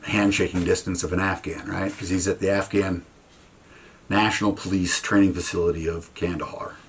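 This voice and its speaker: A man, a military veteran, telling a story to an audience in an animated, profane way, acting out conversations. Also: sits low, normal speed.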